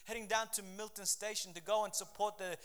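Bright-voiced man preaching. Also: high-pitched, steady tone, brisk, smooth. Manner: fervent, conversational preaching with repeated restarts. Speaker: pastor. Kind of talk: sermon.

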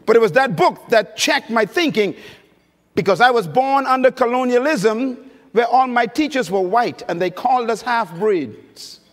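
A man's voice: very high voice, normal speed. A male preacher giving an emphatic sermon at a conference, telling stories and prompting his audience. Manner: emphatic, storytelling, engaging the audience with questions. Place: large conference hall. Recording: long reverb of a large hall.

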